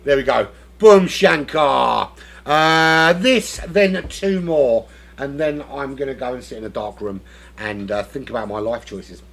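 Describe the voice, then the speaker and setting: A man's voice: medium pitch, a little slow, a bit bright, faint music behind. A man giving casual live commentary on a sim race, rambling and joking as he hosts the lobby. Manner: rambling, jokey, self-interrupting.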